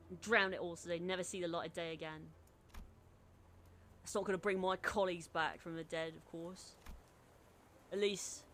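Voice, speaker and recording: A woman's voice: lowish voice, a bit bright, a little hiss or hum, close to an everyday voice. A woman reading a streamed game's dialogue as a brooding young man, weary and bitter.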